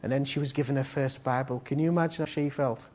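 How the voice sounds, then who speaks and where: A man preaching a sermon and leading prayer, swinging between loud pleading appeals and soft, low passages. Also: fairly even intonation, fast talker.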